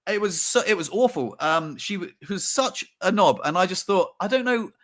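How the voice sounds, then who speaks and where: Young male co-host, casual storyteller, animated delivery, slightly higher voice, swears freely. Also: moderate pace. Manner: animated, acts out quotes with big pitch jumps. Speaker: podcast co-host.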